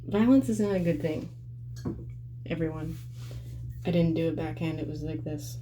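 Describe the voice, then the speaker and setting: A woman's voice: deep voice, dark tone, slight background noise. A young woman telling a personal story to her viewers in a blunt, profane, conversational way. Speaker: vlogger. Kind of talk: candid storytelling vlog.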